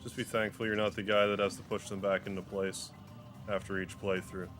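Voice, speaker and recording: A man's voice: on the low side, little pitch movement, a little fast, music in the background. A man streaming a video game live, rambling and joking casually as he plays. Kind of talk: casual live gameplay commentary.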